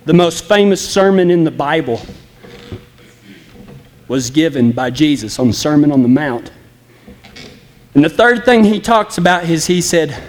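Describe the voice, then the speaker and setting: A man's voice: on the high side, lively intonation, a little slow, long pauses, in a large hall. A man preaching an impassioned, folksy sermon that speaks straight to the congregation. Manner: impassioned, folksy and direct, acting out flippant apologies.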